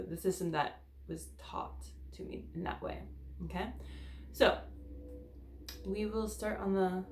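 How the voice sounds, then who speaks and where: A woman leading a guided tapping session in a casual, candid way, swearing freely and sighing between statements. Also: lowish voice. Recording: echoey room.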